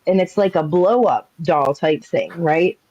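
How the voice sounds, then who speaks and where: Woman, low mellow voice, blunt, swears, laughs a lot, dull muffled audio. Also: measured pace, dry recording. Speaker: panel guest. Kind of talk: casual chat.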